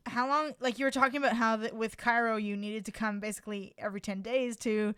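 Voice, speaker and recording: A woman's voice: on the high side, steady tone, fairly quick, a bit bright, clean tone, dry recording, clean studio sound. A woman interviewing a guest, asking questions with hesitant fillers as she works them out. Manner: hesitant, uses fillers while forming questions.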